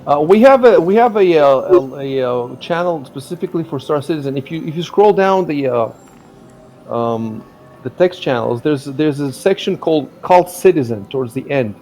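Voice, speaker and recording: A man hosting a live game stream in casual chat, rambling and halting, with frequent restarts. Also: on the high side, lively intonation, darkish tone, faint music behind. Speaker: stream host.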